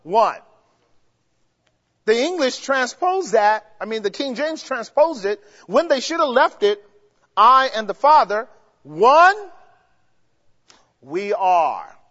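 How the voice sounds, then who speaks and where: High-voiced preacher teaching from the pulpit. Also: male voice, very animated, takes it slowly, sharp tone. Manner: asks the congregation questions and has them answer; explains grammar step by step, with emphatic rises. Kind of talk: sermon teaching. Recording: dull, lo-fi recording with long hall reverb.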